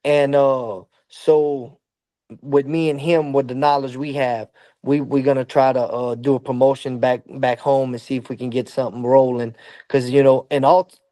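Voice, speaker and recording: A man from Louisiana, a boxing coach, talking in a halting, filler-heavy way as a podcast guest. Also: medium pitch, level tone, dark tone, dry recording. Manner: halting, lots of fillers and restarts. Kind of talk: casual interview talk.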